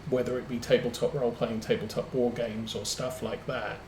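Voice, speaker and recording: A man's voice: mid-range voice, little pitch movement, fairly quick, noisy background. A man streaming a farming game, telling rambling anecdotes full of ums as he plays. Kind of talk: casual chat while playing a farming game. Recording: roomy echo.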